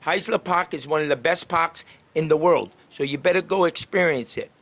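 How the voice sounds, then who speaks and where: An upbeat man with a slightly high voice chats with people passing by on a town street. He talks freely, laughing often, as a street greeter and podcast host. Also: normal speed, a bit bright. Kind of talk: casual chat with passersby.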